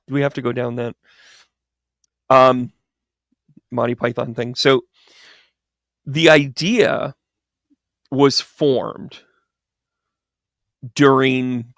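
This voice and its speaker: Male stream co-host, casual rambling commentary, sarcastic and digressive, gravelly voice. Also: medium pitch, a bit bright, no room sound, studio quality. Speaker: livestream co-host.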